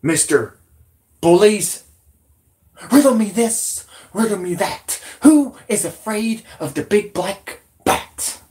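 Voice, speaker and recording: A man doing a loud, taunting wrestler showman. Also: sits high, expressive, voice pushed up. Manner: sing-song, drawn-out taunting.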